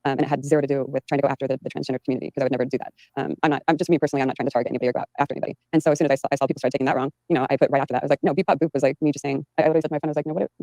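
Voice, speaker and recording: A woman's voice: a bass voice, fairly even intonation, rapid-fire, hardly any pauses, mellow, no echo, poor audio. A woman giving an interview, rambling with many fillers and restarts. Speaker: interview guest. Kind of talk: recounting in an interview. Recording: played from an archived interview.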